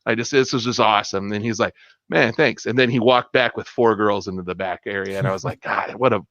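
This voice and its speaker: A man's voice: lowish voice, a little fast, no echo, muffled recording. A man on a podcast, telling a long story with lots of acted-out dialogue and laughter. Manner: animated storyteller, laughs often, acts out dialogue. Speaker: podcast co-host. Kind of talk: casual chat, storytelling.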